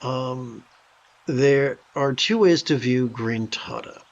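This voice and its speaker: A calm man giving a meditation talk on a livestream, with a gravelly edge to his voice. He speaks thoughtfully and stops at times to rephrase. The sound is dull and lo-fi. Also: mid-range voice, slow pace. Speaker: meditation teacher.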